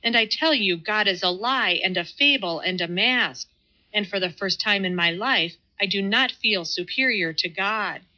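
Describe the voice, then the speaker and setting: A woman's voice: mid-range voice, pushed and bright. Woman reading a fierce stubborn atheist man. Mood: vehement. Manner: slow, vehement, stubborn. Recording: slightly muffled audio.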